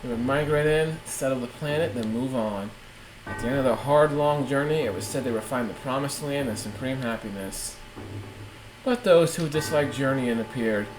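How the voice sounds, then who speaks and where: A man reading aloud the lines of a cold, aloof male villain swordsman from a game, in a lowered voice. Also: moderate pace, roomy sound, background noise, natural voice. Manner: reads game dialogue aloud in a lowered, flat voice. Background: game music.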